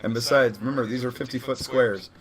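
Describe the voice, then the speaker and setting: Male game master, casual, chuckling, self-correcting, mid-pitched voice, faint music behind. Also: steady tone, quick pace. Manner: casual, laughing, correcting himself. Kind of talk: running a tabletop game session.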